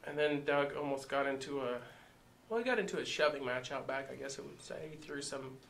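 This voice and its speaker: A man co-hosting a radio talk show, telling a profane story in an animated way and acting out the voices of the people in it. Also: mid-range voice, a little fast, creaky, a little hiss or hum. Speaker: comedian co-host. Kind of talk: casual storytelling chat.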